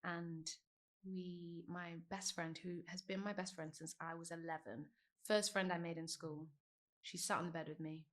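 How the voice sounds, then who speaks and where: A woman in her thirties, a guest on a podcast, telling a story in a lively, animated way and laughing as she goes. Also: fairly low pitch, moderate pace, hardly any pauses. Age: 30s. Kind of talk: casual storytelling chat.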